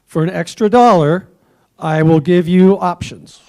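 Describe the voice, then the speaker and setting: A man's voice: sits high, a little slow, darkish tone, smooth. A man hosting a trivia quiz at a club meeting, joking with the tables and offering hints for a dollar.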